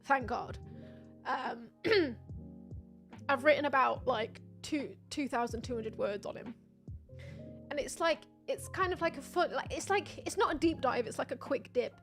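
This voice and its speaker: A woman's voice: high-pitched, unhurried, fairly bright tone, faint music behind. A young woman chatting casually on a livestream, rambling and self-deprecating, laughing often. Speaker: streamer.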